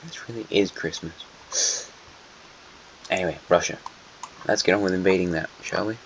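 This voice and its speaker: Guy narrating his map game, low-ish voice, joking around at the countries, kinda muffled mic with a bit of hiss. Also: moderate pace, gravelly. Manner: playful, chatty, teasing the nations on the map. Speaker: channel host. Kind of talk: casual gameplay commentary. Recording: muffled lo-fi home mic with faint noise.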